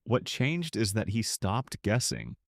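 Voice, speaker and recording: A man teaching beginner English in a slow, clear, scripted way, pausing so listeners can repeat. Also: lowish voice, huge pitch swings, dry recording, clean studio sound. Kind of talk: slow scripted lesson for learners.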